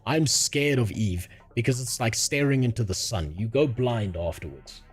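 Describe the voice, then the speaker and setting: A man's voice: mid-range voice, lively intonation, normal speed, slightly rough, soft background music. A man from South Africa with a South African accent, streaming and chatting casually with his chat, crude and sarcastic, often laughing. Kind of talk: casual livestream chat, reading chat.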